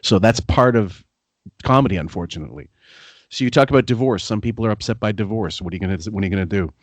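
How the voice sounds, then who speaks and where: A man's voice: fairly low pitch, fast, no echo. Rambling, blunt male podcast host. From Canada. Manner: rambling, blunt, swears freely. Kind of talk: casual podcast chat.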